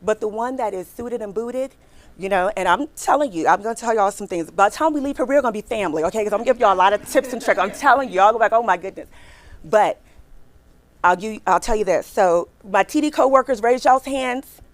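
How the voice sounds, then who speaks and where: A woman in her forties giving a lively career talk to a live audience, chatty and animated, talking straight to the crowd and acting out her own reactions as she tells a story. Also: mid-range voice, fairly quick, dry recording. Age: 40s.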